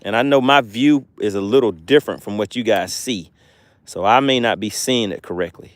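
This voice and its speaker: A man's voice: fairly low pitch, normal speed, dry recording. A man with a Southern US accent, from Georgia, hosting a fishing livestream outdoors by the water and chatting casually with viewers. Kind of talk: casual live-stream chat, reading comments.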